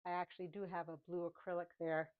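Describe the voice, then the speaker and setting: A woman's voice: lowish voice, little pitch movement, fast talker, phone-quality sound. A woman chatting casually while she paints, laughing often and talking to herself. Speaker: painting vlogger.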